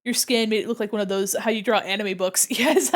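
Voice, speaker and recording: Chatty young woman streaming while drawing. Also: a little high. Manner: chatty, giggly, reads chat aloud while drawing. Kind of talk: casual art livestream chat.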